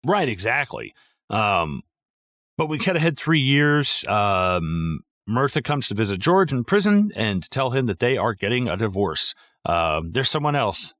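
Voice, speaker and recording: Male podcast co-host, lowish bright voice, dry close mic, profane and lively. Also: unhurried, no echo. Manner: profane, animated, acts out film quotes. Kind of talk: casual movie discussion.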